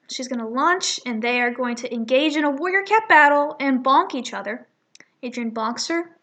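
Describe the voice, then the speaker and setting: Young woman reading a comic aloud all casual, high bright voice, trips over words a lot. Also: expressive, moderate pace. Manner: chatty, stumbling over words, self-correcting. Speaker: reader of a fan comic.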